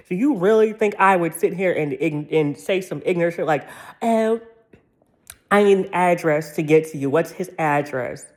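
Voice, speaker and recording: An American woman ranting in a vlog, profane and rambling, laughing through her anger. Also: on the low side. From United States. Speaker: vlogger.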